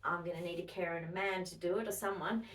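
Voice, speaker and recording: A woman's voice: on the low side, steady tone, fast, a bit bright, rough recording. Chatty Australian woman vlogging at home. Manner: chatty, rambling, with fillers and asides. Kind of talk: casual chat to camera. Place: at home, walking between rooms.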